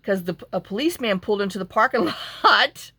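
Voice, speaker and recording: Chatty woman with gravelly voice. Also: medium pitch, animated, a little fast, bright, forceful tone, slight background noise. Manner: chatty, rambling storyteller, talks to herself while working. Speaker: craft vlogger. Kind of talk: casual chat while crafting.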